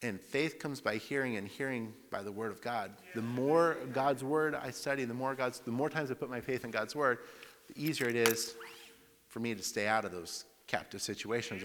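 A man's voice: medium pitch, slight background noise. Man preaching in a reverberant hall. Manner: storytelling with lively swings in loudness. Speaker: pastor. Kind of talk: sermon.

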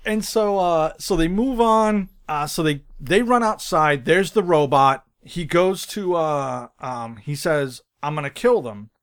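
A man's voice: on the high side, slow, few pauses, clean tone. A man co-hosting a podcast, eagerly retelling film scenes in casual chat. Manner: animated, laughing retelling of scenes. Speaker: podcast co-host. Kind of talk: casual movie discussion.

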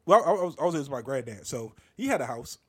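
A man's voice: mid-range voice, fast, husky. A man co-hosting a podcast in casual, teasing chat. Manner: joking, teasing, animated. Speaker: podcast co-host.

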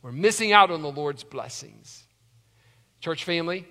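A man pastor preaching a sermon in a church sanctuary, impassioned, swinging from loud urgency to hushed pleading. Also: on the high side, animated, measured pace. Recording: long hall reverb.

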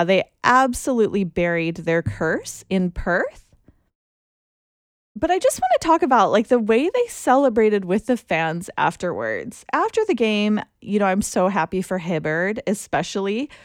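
Woman, casual chat, animated swooping voice, laughs a lot, dry close sound. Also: medium pitch, no echo. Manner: excitable, laughs often, lots of fillers. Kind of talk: casual chat about a football final.

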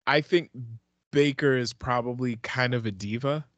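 A man's voice: mid-range voice, moderate pace, lo-fi sound. A man with a mid-range voice, easygoing in a casual podcast chat, agreeing readily and drifting into side remarks. His voice sounds dry and close, with no room echo. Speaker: podcast co-host.

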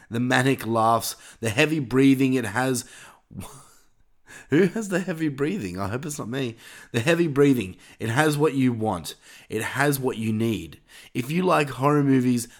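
A young man hosting a podcast in casual chat, laughing often, swearing and getting excitable. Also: mid-range voice. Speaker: podcast host.

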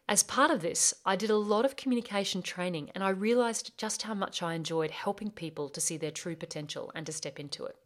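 An Australian woman with a slightly low voice, introducing her podcast as host and life coach. Her delivery is earnest and upbeat, with a motivational lift.

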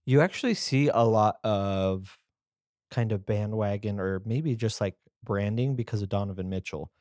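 A man's voice: fairly low pitch, moderate pace, darkish tone, no room sound, clean studio sound. A man co-hosting a casual podcast chat, telling stories with eager energy. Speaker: podcast co-host.

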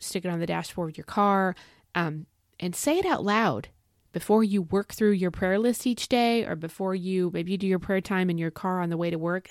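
A woman's voice: lowish voice, no room sound, clean studio sound. A woman hosting a devotional podcast, speaking earnestly and encouragingly, often repeating key phrases for emphasis. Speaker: podcast host.

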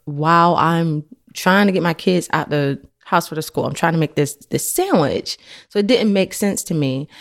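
A woman hosts a faith podcast, sharing a personal story earnestly and conversationally, as if speaking to a friend. Her voice is low, full, and creaky.

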